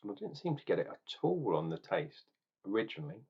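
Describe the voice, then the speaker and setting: A man's voice: lowish voice, wildly swooping pitch, fast, gravelly, husky, highs cut off. A man chatting casually while tasting and reviewing a beer, thinking aloud with ums and restarts.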